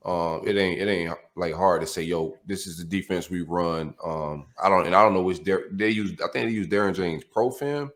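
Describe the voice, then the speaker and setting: A man guests on a sports podcast as a former player, with a very deep voice. He talks in loose, slangy banter. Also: normal speed, hardly any pauses, fairly bright tone. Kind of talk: casual sports podcast chat.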